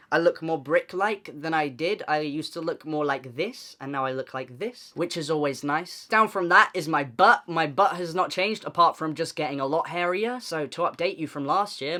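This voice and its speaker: A man's voice: fairly high pitch, sharp tone. A young man vlogging in a casual, candid and self-deprecating way, chatting straight to camera.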